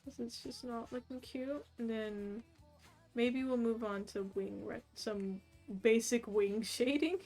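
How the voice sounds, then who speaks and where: A woman's voice: on the high side, fairly even intonation, slow, dark tone. A young woman streaming casually while she draws, rambling along with lots of "like" and little laughs. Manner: rambling and chatty with frequent "like" and laughs. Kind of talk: casual chat while drawing. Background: faint background music.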